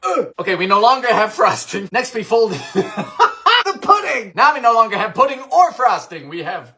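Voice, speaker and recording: A man's voice: very animated, moderate pace, pushed and bright. Theatrical man hosting a cooking show. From Bermuda. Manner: theatrical, wry asides, sudden swoops into high exclamations. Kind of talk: comedic recipe narration.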